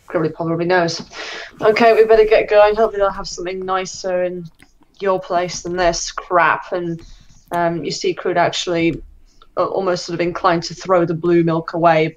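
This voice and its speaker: A woman's voice: lowish voice, highs cut off. A woman playing a tabletop role-play game, insistent and questioning. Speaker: player.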